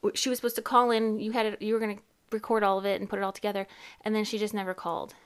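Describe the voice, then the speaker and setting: A woman's voice: mid-range voice, flat delivery, rapid-fire, smooth. A woman in her thirties hosting a casual podcast, chatty and rambling, often laughing and cutting herself off. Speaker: podcast host and therapist.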